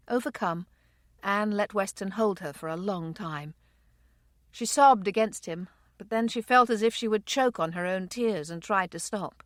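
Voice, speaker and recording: Woman, audiobook narrator, measured storytelling, dry close sound. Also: mid-range voice, dry recording. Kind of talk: scripted narration.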